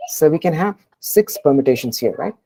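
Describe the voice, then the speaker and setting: Woman teaching coding, super low dark voice, keeps going "right?" with lots of uhs and ums. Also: lively intonation, husky, no room sound, low-quality recording. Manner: keeps asking "right?" to check understanding, with frequent pauses and fillers. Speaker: programming tutor. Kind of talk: explaining a coding problem in class.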